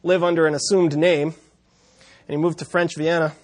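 A man's voice: a little high, flat delivery, normal speed. A man preaching a sermon, telling a historical story with wry asides and occasional chuckles.

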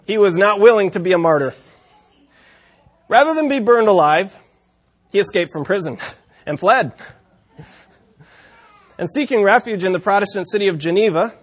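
A man delivers a sermon as a long story, his voice sitting a touch higher than most men's. He drops wry asides and small chuckles as he narrates. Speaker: preacher.

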